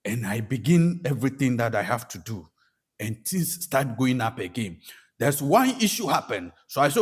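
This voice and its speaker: A man's voice: mid-range voice, moderate pace, slightly rough. A man with a Ghanaian English accent giving a personal testimony as a spiritual practitioner, telling his story animatedly and acting out what people said. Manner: animated storytelling, acts out quoted voices.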